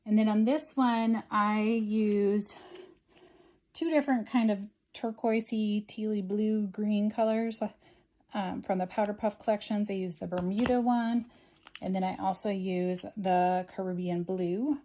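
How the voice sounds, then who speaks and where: A woman with a soft, mellow voice talks through a craft project step by step. Her delivery is casual and chatty, often filling pauses with ums. Her pitch sits in an ordinary middle range. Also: fairly even intonation. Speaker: craft tutorial host.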